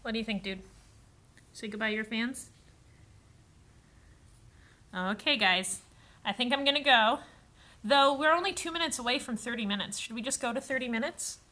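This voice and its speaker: A woman's voice: fairly high pitch, moderate pace, pauses often, bright, forceful tone. A woman hosting a casual livestream, chatting with viewers and cooing baby talk at her cats.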